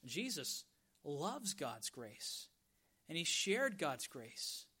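A man's voice: fairly high pitch, sing-song, bright, forceful tone, breathy edge. Emphatic preacher man. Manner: emphatic preaching, stretches key words slowly for stress. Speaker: pastor. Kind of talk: sermon.

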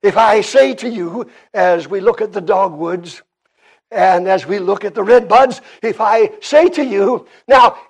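A man with a Canadian accent preaching a sermon, emphatic and shifting between quiet and loud passages. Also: high-pitched, a little slow, creaky, slightly rough.

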